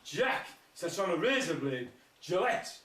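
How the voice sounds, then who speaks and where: Comic, male, high bouncy delivery of crude absurd one-liners, echoey and off-mic. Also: very animated, a little slow. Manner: crude absurd one-liners, laughing at his own jokes. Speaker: stand-up comedian. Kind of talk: rambling surreal stand-up. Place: live music festival stage. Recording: echoey, distant mic, faint noise.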